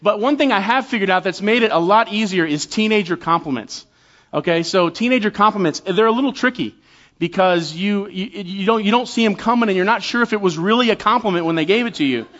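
A man in his forties preaching as a guest church elder, talking casually and poking fun at himself, with frequent quick restarts. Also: high voice, fairly bright tone, dull audio. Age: 40s. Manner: conversational and self-deprecating, with quick restarts. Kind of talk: sermon with humorous stories.

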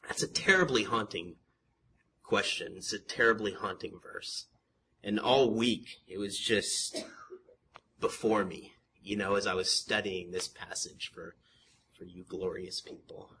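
A man preaching in a church, his voice bright and forward. He moves from steady explanation to fervent, emphatic questions and drops wry jokes to the people in front of him. A faint hum of room ambience sits behind him. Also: medium pitch, normal speed. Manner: builds from calm teaching to impassioned, emphatic questioning; joking asides to the congregation. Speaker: pastor. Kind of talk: sermon. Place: church sanctuary with a congregation.

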